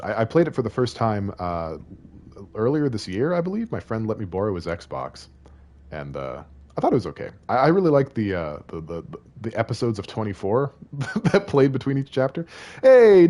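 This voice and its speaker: A man's voice: on the low side, big pitch swings, a little fast, a little mellow. A man streaming a game, chatting playfully with viewers, rambling between lines of game text he reads aloud. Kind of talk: casual live-stream chat while playing.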